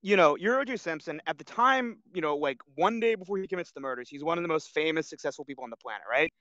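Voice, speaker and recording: A man's voice: fairly high pitch, expressive, quick pace, pushed and bright, no echo, lo-fi sound. A man co-hosting a casual online show, rambling with lots of fillers and restarts. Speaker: co-host. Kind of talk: casual podcast chat.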